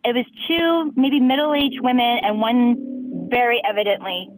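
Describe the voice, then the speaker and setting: A woman's voice: fairly high pitch, a little slow, soft background music, rough recording. A woman calling in to a show and telling a story in a chipper manner, laughing through grim details. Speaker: caller.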